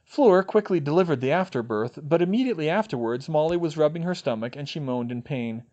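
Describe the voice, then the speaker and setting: Expressive male audiobook narrator. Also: on the high side, a little fast, highs cut off. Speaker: audiobook reader. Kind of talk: fan fiction audiobook narration.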